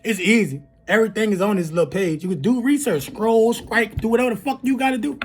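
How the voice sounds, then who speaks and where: Speaking fast with hardly any pauses, a video creator with a medium-pitched, breathy voice rants angrily and profanely at viewers. The rant lurches from shouts to mutters, broken up by apologies between outbursts and constant "you heard me" and "you feel me".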